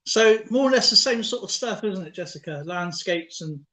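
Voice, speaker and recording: A man with a fairly high voice chats casually on a live stream. He rambles and hesitates, filling gaps with ums and uhs. He is heard over a video call from home. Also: expressive, normal speed, sharp tone, poor audio. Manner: rambling, hesitant with many fillers. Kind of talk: casual chat.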